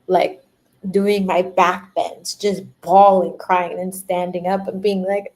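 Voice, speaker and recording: Slow, low-voiced spiritual woman who laughs a lot. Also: flat delivery, a little mellow. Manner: laughs often, repeats words, acts out little quoted voices. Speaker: spiritual energy reader. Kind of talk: spiritual livestream talk.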